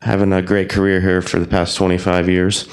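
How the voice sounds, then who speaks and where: A man's voice: low-pitched, completely flat delivery, a little fast, clean tone. A city parks worker speaking plainly and modestly at a council meeting while losing his voice. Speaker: city parks employee being honored. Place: council chamber.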